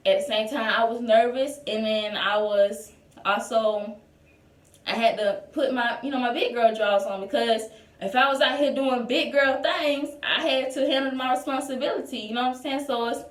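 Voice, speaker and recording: A woman's voice: on the high side, normal speed, far from the mic. A young woman telling a personal story in a casual storytime vlog, chatty and full of "like" and "y'all". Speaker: vlogger. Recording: echoey room, voice a bit off-mic.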